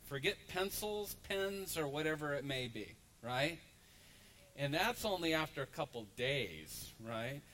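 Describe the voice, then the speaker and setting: A man, a pastor, preaching a lively sermon in a church and acting out the voices of people in the story. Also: a little high, measured pace, a little hiss or hum, poor audio. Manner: animated storytelling, acts out crowd voices. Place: church sanctuary.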